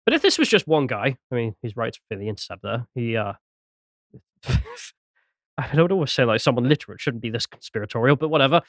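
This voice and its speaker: Lively, laughing male podcast host. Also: mid-range voice, a little fast, no room sound, studio quality. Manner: laughs often, reads posts aloud. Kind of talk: casual podcast chat.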